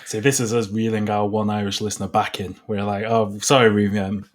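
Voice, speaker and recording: A man's voice: on the low side, level tone, fairly quick, noisy background. A man from Britain co-hosting a podcast live, chatting casually with a wry, sarcastic humor and frequent laughs. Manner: wry, sarcastic, laughs through his lines. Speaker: podcast co-host. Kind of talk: casual chat. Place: live online podcast recording.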